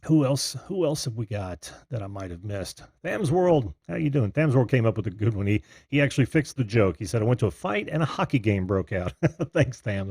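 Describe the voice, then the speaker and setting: A man hosting a live video call-in show, chatting casually with many fillers and friendly shout-outs to viewers. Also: medium pitch, gravelly, breathy edge, dry recording, clean studio sound. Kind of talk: casual live-stream chat.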